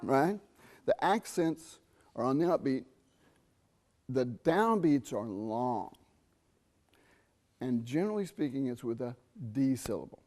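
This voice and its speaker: A man's voice: medium pitch, lively intonation, takes it slowly, long pauses. A middle-aged man giving a jazz trumpet masterclass in a conversational way, quizzing his listeners and singing out rhythms. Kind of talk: masterclass talk. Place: university theatre stage.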